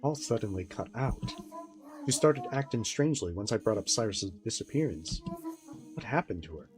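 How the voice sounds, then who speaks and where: A woman's voice: a bass voice, expressive, normal speed. A woman streamer giving casual commentary while playing a story game, joking and acting out the characters in asides. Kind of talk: casual let's-play commentary. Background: game music.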